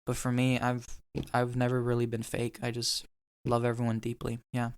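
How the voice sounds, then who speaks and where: A young man hosts a casual podcast chat in a low-key, reflective way. His voice stays flat with very little rise and fall. He talks in short, simple phrases. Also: moderate pace, clean tone. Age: young adult. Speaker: podcast host.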